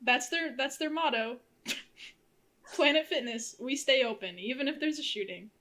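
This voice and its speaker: A young woman chats casually on a podcast, relaxed and dry-humored. Her voice sits a little high. She tells her stories plainly. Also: normal speed. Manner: relaxed, laughs often, dry remarks. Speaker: podcast co-host. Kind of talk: casual chat.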